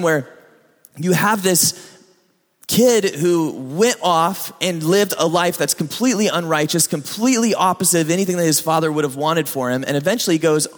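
Male preacher in an echoey hall. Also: on the high side. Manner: conversational storytelling with asides to the listener. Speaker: pastor. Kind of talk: sermon.

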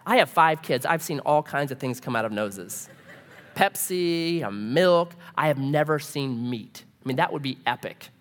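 A pastor preaching a casual, humorous sermon, full of rhetorical questions. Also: male voice, fairly high pitch, expressive, moderate pace.

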